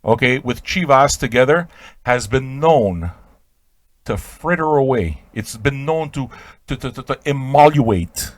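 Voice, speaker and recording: A man hosting a radio show, telling an improvised absurd comic story in a rambling, stammering way with sudden shouted outbursts. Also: mid-range voice, animated, a little slow, no room sound.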